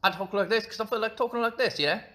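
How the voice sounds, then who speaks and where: A man doing an over-the-top mock Cockney voice as a brash, swearing bloke, loud and pitched well above his own voice. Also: quick pace. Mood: brash taunting. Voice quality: loud, high-pitched, taunting.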